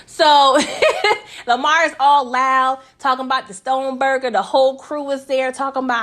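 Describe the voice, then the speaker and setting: With an unhurried, fairly bright voice that sits high, a woman hosts a TV recap, chatting loosely in slang. She laughs between points and keeps tagging on "okay?"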